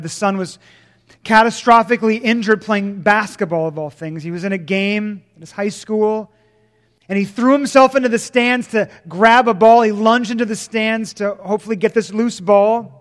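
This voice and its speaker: A man preaching a sermon as pastor, swinging from loud emphasis to hushed, slow lines. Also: sits high, in a large hall.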